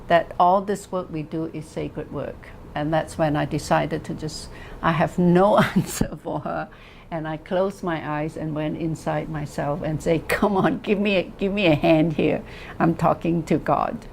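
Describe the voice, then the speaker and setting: Slow, low-voiced woman therapist telling a story. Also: gravelly, a little hiss or hum, poor audio. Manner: reflective, earnest, slow and measured with pauses. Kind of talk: storytelling talk.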